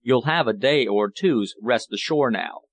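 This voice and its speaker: A man voicing a brisk, hearty country gentleman giving quick orders in an audiobook. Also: medium pitch, no echo.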